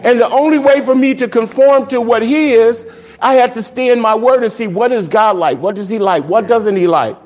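High-voiced man preaching animatedly. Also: moderate pace, darkish tone. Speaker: pastor. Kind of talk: sermon.

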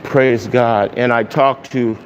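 A man serving as pastor, leading a casual online Bible study and prayer, greeting viewers with loose pauses and fillers. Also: mid-range voice, fairly even intonation. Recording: dull hall echo with faint hiss.

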